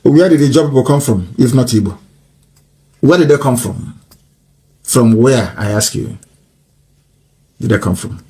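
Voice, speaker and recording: A man delivering an impassioned, mocking political tirade that rises to shouts. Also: medium pitch, animated, a little slow, pauses often. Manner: mocking, scornful, rising to shouts.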